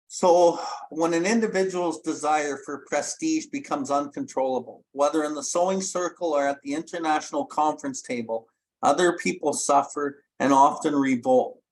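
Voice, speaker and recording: A man's voice: on the high side, rough recording. A man hosting a recovery podcast, blunt and casually profane, reading from a book and discussing it. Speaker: podcast host.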